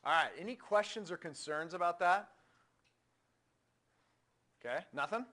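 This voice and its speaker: A man teaching a university engineering class, talking casually and with energy, often checking in with the students. His voice is bright and a touch higher than most men's. He speaks in a lecture hall. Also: a little slow. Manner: energetic, conversational, asks the room questions.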